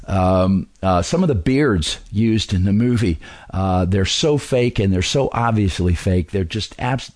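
Brief: man with a low voice, casual reviewer, halting delivery, dry close sound. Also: a little mellow, no echo. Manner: halting, many fillers and restarts. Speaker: film reviewer and history commentator.

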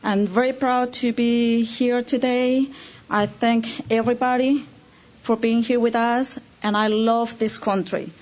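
A woman's voice: a little high, steady tone, a little slow, a little mellow. Woman from Colombia, heartfelt and simple. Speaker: new citizen giving a speech. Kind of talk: short ceremony speech. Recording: dull lo-fi recording.

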